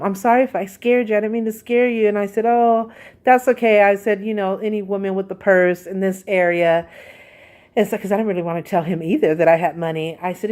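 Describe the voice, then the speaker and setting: A middle-aged woman speaks at home in an easy, confiding voice of ordinary pitch. She tells her story like a long chat with a friend, stopping now and then to gather her thoughts. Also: a little mellow. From California, USA. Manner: chatty and confiding, frequent pauses and fillers. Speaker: vlogger. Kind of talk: casual personal storytelling.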